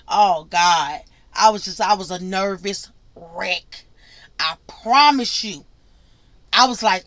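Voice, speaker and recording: Bright, chatty woman telling her story. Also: mid-range voice, normal speed, no room sound. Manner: chatty, repeats herself, acts out quotes. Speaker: truck driver vlogger answering questions. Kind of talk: casual Q&A vlog.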